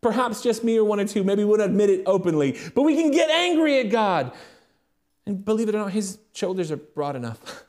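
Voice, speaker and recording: Here the same kind of speaker, a young British man with a British English accent, delivers a sermon as pastor in a high-pitched, sing-song voice. He alternates loud, raised appeals with hushed asides spoken quickly.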